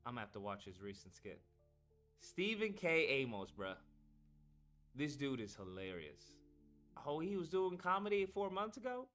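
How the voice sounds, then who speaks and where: A man chatting casually on a live stream, with a bright, forceful voice that swings widely up and down in pitch. He rambles and swears as he talks to his viewers, with faint music playing under him. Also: very animated, moderate pace. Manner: rambling and profane, talking to chat. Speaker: streamer host.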